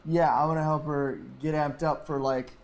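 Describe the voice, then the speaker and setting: A man's voice: fairly high pitch, flat delivery, moderate pace. A man playing a tabletop game, hesitant and full of fillers and restarts as he describes his move.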